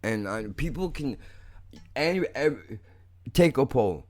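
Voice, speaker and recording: A young man hosting a podcast, talking in a blunt, profane, rambling way that turns angry fast. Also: mid-range voice, lively intonation, a little mellow. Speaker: podcast host. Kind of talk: casual monologue.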